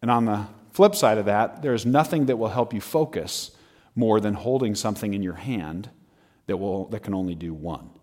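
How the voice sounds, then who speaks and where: A man preaching in an animated, conversational style, often laughing between his points. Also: lowish voice, moderate pace. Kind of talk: humorous sermon.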